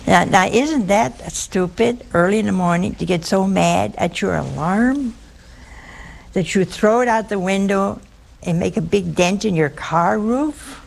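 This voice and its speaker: A woman's voice: mid-range voice, measured pace, creaky, slight background noise. A woman preaching a sermon in a folksy, humorous storytelling manner, acting out bits of dialogue.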